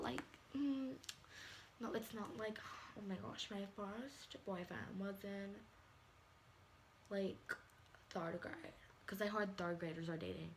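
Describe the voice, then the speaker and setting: A woman's voice: medium pitch, slow pace, long pauses, slight background noise, rough recording. A teenage girl ranting to a phone camera in a vlog, sassy and exasperated, calling people "honey.". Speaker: vlogger. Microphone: phone or webcam.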